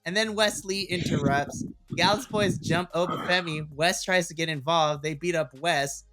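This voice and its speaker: A man in his thirties co-hosting a wrestling podcast, recapping matches in an animated way and laughing often. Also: on the high side, moderate pace, soft background music. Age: 30s. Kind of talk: casual chat.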